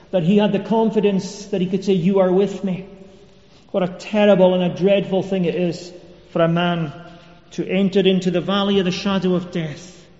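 A man's voice: high-pitched, warm tone. A man preaching a sermon, earnest and repeating key phrases for emphasis. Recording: echoey hall, dull lo-fi sound.

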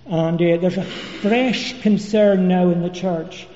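Man, preacher, sermon, mellow tone, dull echoey church recording. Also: high-pitched, fairly even intonation, a little hiss or hum. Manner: measured expository preaching with fillers.

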